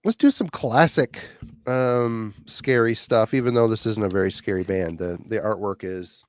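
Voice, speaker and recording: A man with a smooth, resonant voice chats loosely on a podcast, joking and laughing. The sound is dry and close. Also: lowish voice, normal speed, darkish tone, no room sound. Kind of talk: casual chat.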